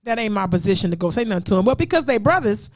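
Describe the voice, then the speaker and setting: A woman's voice: mid-range voice, big pitch swings, racing. A woman co-hosting a casual talk show, a blunt and profane storyteller who laughs often. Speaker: co-host. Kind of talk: casual podcast chat.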